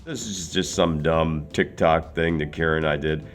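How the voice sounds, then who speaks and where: A man's voice: rumbling low, fairly even intonation, normal speed, faint music behind. A man in his sixties from Philadelphia, an actor telling casual, rambling anecdotes with many fillers and laughs. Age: 60s. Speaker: actor guest.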